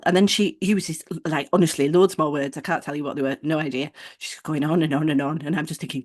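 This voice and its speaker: Lively woman telling a story. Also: lowish voice, fairly quick. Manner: animated, acts out quoted voices in storytelling. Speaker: podcast co-host. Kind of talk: casual storytelling chat.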